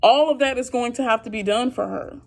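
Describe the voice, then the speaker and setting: Young woman vlogger, high voice, heartfelt and frustrated, airing family business to her viewers. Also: brisk, creaky, faint music behind. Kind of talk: emotional venting to camera.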